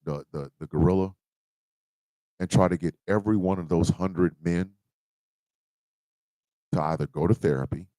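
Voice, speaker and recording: A man hosting a live show, giving a passionate, emphatic monologue that swings between quiet and loud. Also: low voice, moderate pace, pauses often, no room sound, rough recording. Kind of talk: emotional livestream monologue.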